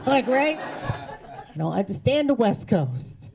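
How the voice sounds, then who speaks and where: A woman's voice: on the high side, sing-song, slow, a little mellow, slight background noise. A woman comedian doing a brash, profane stand-up set from the East Coast. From New England. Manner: brash, profane, sarcastic punchlines. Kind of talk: stand-up set before a live audience. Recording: stage mic with audience laughter.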